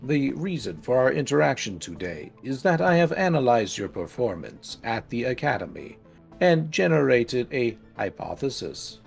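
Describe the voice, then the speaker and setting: Guy doing a cold calculating robot prof, slow deliberate lines, pitch dipping and rising. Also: big pitch swings, gravelly, faint music behind. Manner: clipped, formal and menacing.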